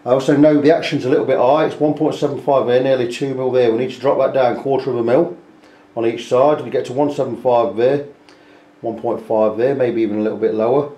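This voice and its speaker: A man's voice: medium pitch, steady tone, fairly quick, dark tone. A man, a guitar repair technician chatting step by step as he works on an instrument at his bench. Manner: chatty, explains step by step, talks while working. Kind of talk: hands-on repair walkthrough. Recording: echoey workshop room.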